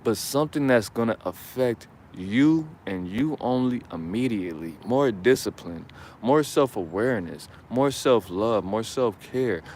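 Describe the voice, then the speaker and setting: A man's voice: lowish voice, lively intonation, a little slow, darkish tone. Male vlog host giving life advice, loose and preachy, crude jokes, recorded outside with light street noise. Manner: rambling, preachy, profane, joking. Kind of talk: casual commentary to camera.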